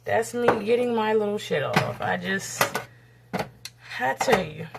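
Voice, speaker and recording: A woman's voice: animated, unhurried, vocal fry, very noisy. A woman from the United States, giving a candid, blunt and profane rant to her camera while cooking. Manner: blunt, profane and heated, with sudden rises in pitch. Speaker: vlogger.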